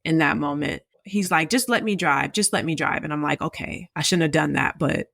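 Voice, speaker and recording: A woman's voice: sits low, brisk, gravelly, a bit bright, no room sound, clean studio sound. A woman in her thirties, a podcast guest, telling a personal story in a candid, conversational way. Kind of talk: personal story in casual chat.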